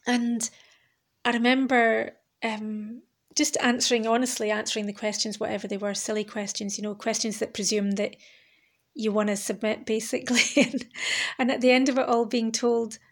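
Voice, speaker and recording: A woman's voice: fairly high pitch, little pitch movement, normal speed. A woman, talking alone on her podcast in a candid, rambling, reflective way, swearing now and then. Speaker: podcast host. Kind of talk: reflective solo podcast monologue.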